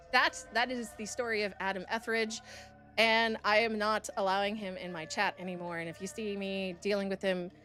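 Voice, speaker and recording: A woman's voice: mid-range voice, fairly even intonation, normal speed, sharp tone, soft background music. A woman streamer telling a story to her chat in a blunt, profane, heated way.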